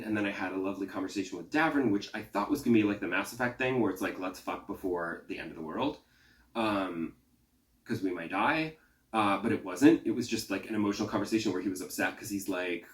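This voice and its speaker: A man hosting a gaming podcast, chatting casually and acting out his own reactions and the game's characters in quick quotes. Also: fairly low pitch, far from the mic. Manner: chatty, acts out quotes of himself and game characters. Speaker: podcast host. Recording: echoey room, off-mic.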